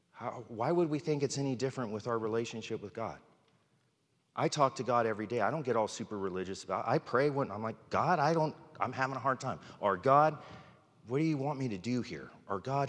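A male pastor preaches a conversational sermon from the pulpit of a church sanctuary, candid and informal and poking fun at himself. His mid-range voice has a fairly bright tone and the sound of a large hall.

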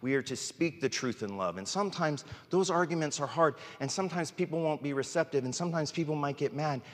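A man's voice: fairly high pitch, brisk, big-room sound. A male pastor preaching a candid, informal sermon from the pulpit, speaking frankly and poking fun at himself. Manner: candid, informal, self-deprecating. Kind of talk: conversational sermon. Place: church sanctuary.

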